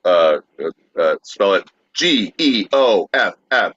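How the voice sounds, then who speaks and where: A man with a lowish voice introduces a comedy podcast segment, stumbling through fillers as he reads aloud. The recording sounds dull and lo-fi, with the top end muffled. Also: sing-song, takes it slowly, a bit bright, breathy edge, no room sound. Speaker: podcast co-host. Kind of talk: casual comedic banter.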